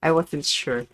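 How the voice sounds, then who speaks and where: A young Filipina streams a game live, chatting to herself, swearing, and squealing greetings at customers. Her voice is low-pitched, dark, and husky.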